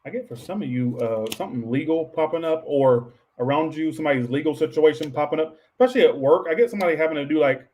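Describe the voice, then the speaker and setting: A man with a slightly higher voice rambles through a tarot reading for his viewers. He talks offhandedly and swears often, breaking off to answer his chat. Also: fast talker, hardly any pauses, a little mellow, a little hiss or hum. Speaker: tarot reader.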